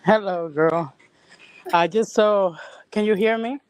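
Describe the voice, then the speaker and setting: A woman guest on a livestream, out of breath from exercising, talking in halting, rambling bursts with many restarts. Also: medium pitch, darkish tone, no echo. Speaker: call-in guest. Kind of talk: casual live-stream chat.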